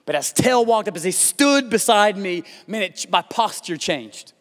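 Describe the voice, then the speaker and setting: A man's voice: high voice, lively intonation, a little slow, long reverb tail. An American man preaching a sermon as pastor, telling a story and building to impassioned pleas. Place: church auditorium.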